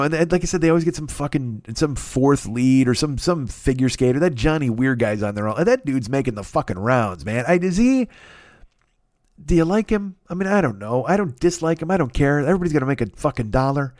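A man at a middling pitch rambles through a profane, sarcastic rant, swearing often and breaking into goofy put-on voices. He restarts his sentences constantly. The recording is close and dry, with no room sound. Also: animated, fairly quick, a little mellow, no echo. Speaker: podcast host.

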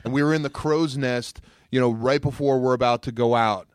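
A man guesting on a podcast, telling animated stories in casual chat and jumping into loud put-on voices. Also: medium pitch, fairly quick, clean tone, dry recording, studio quality.

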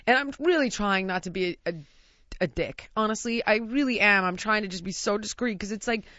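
A woman from the United States tells a comic anecdote in relaxed conversation, bouncing between narration and acted-out quotes with plenty of laughter. Her voice sits at an ordinary middle pitch. The recording is dry and slightly dull. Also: brisk, no room sound. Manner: animated, laughs through her own story, acts out quotes. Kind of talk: casual storytelling chat.

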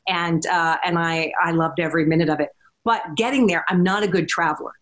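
A middle-aged woman, an actress guest, telling animated behind-the-scenes anecdotes in casual chat, with frequent restarts and acted-out quotes. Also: lowish voice. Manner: animated storyteller, acts out quotes, many restarts.

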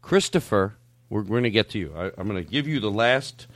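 A man hosting a comedy podcast, joking his way through casual chat. His voice swings up and down with lively energy, and the studio sound is dry and close. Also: fairly low pitch, no echo. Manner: animated, joking, quick restarts. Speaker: podcast host.

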